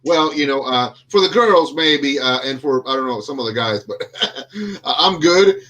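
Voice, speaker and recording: Expressive and sharp in tone, this man's mid-range voice moves at a moderate pace, with a little hiss or hum in the background. He hosts a casual podcast over a video call while feeling slightly unwell, rambling, self-deprecating, and heavy on fillers.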